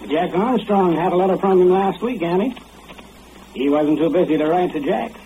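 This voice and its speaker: An actor playing a teasing, folksy young country fellow who talks in rough rural grammar, in an old radio drama. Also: male voice, high voice, moderate pace, mellow, close to an everyday voice. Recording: dull old radio recording, faint hiss.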